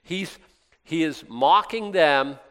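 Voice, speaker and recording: A man preaching a sermon, reading scripture aloud and breaking into lively, sarcastic asides. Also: on the high side, slow pace, clear, resonant tone. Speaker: pastor. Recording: long hall reverb.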